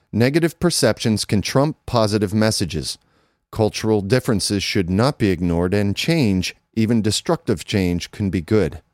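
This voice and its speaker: A man reading a business news feature aloud in a measured, even newsreader manner. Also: fairly low pitch, dry recording, studio quality. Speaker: narrator reading an article. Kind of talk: scripted read-aloud narration.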